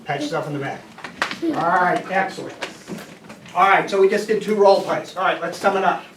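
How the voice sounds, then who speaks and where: A woman teaches a classroom lesson and keeps asking the students questions. She is recorded from across an echoey room, at a distance from the mic. A clear hum of noise sits under her voice. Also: on the low side, brisk. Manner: coaxing, asks the class questions. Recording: echoey classroom from far off, noisy.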